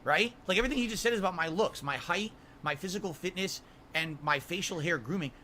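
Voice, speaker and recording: A man with a high-pitched, sharp and bright voice addresses his camera. He defends himself with one rhetorical question after another and sounds put out. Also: fast talker, a little hiss or hum. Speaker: streamer in a played clip.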